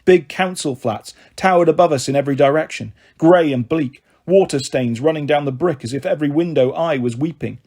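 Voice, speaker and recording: A man narrating a children's novel aloud in a steady, expressive reading. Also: on the high side, a little fast, hardly any pauses. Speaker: storyteller. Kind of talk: audiobook narration.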